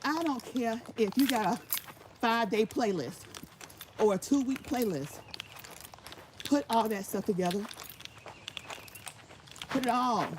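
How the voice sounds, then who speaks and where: A woman's voice: a little high, lively intonation, a little slow, pauses often. Emphatic woman vlogging over background noise. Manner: emphatic, repeats her points for stress; talks while walking laps. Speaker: vlogger giving channel tips. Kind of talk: casual motivational vlog talk. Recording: noisy background.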